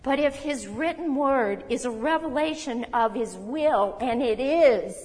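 A woman preaching a sermon in a conversational, emphatic way, with quick asides and self-corrections. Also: high-pitched, lively intonation, a little mellow. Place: church hall. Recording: long hall reverb.

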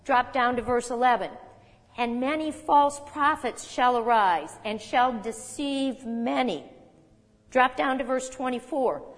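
A woman in her sixties teaching a sermon in a conversational, animated way, reading scripture aloud with emphasis. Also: a little high, a little slow. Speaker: Bible teacher. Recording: long hall reverb.

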